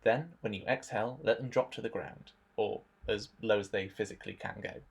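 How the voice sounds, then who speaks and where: Young man, low gravelly voice, husky, warm-up instructor voice-over, dry jokey asides. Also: brisk. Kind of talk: voice-over narration of a stretching demo.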